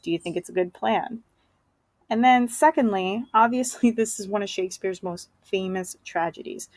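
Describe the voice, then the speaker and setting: A woman's voice: medium pitch, moderate pace, a little mellow, no echo, poor audio. A woman teacher giving a casual, chatty lesson summary, full of fillers.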